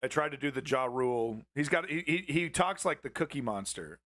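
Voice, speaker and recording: Sarcastic rambling male host, bright voice. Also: mid-range voice, lively intonation, a little fast. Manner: rambling, sarcastic, laughs often. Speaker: show host reacting to clips. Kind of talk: casual reaction commentary.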